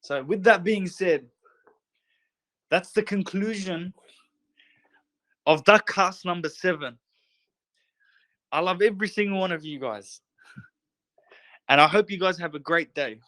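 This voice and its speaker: A man's voice: sits high, unhurried, long pauses, dry recording. A young man hosting a casual live talk show, full of hype and getting more and more pumped up. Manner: excitable hype, says he gets pumped and could start yelling. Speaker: podcast host.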